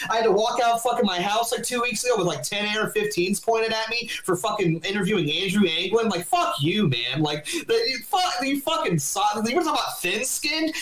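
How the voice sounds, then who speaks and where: A man's voice: high voice, fairly bright tone, reverberant. A man streamer ranting angrily and profanely. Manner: angry, profane, fast-talking. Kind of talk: heated live-stream rant.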